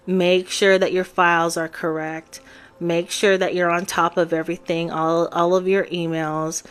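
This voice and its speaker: A woman giving a live-stream tarot reading, chatting casually and talking straight to her viewers. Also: lowish voice. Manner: chatty, addresses viewers directly. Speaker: tarot reader. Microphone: phone on a live stream.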